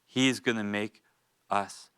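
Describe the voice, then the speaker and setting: A man's voice: on the low side, fairly even intonation, measured pace, a bit bright, smooth, no echo, clean studio sound. A man teaching a Bible study in a church, reading scripture and urging listeners with earnest, informal asides. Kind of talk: expository Bible teaching with exhortation.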